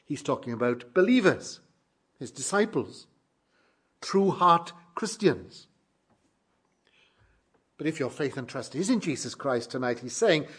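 A man preaching a sermon to his congregation, measured and emphatic, slowing down to stress key phrases. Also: medium pitch, lively intonation, fairly bright tone, slightly rough.

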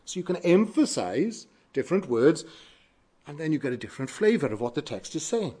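A man's voice: fairly high pitch, sing-song, fairly quick, mellow, husky. A male preacher giving a sermon, emphatic, repeating phrases with shifting stress.

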